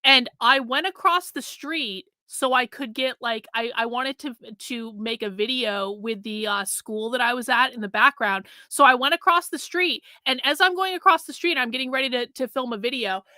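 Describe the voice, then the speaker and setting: A woman hosting her show, telling a story in a casual, animated way, swearing freely and acting out what she said. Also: a little high, normal speed, hardly any pauses, no room sound. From United States. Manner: animated, profane, acts out her own past lines. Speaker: host.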